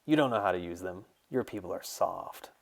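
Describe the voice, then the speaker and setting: A man's voice: deep voice, lively intonation, a little fast, vocal fry, full character voice. A man doing a sneering coyote skinwalker. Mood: contemptuous. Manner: sneering, threatening. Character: arrogant male coyote skinwalker, menacing taunter.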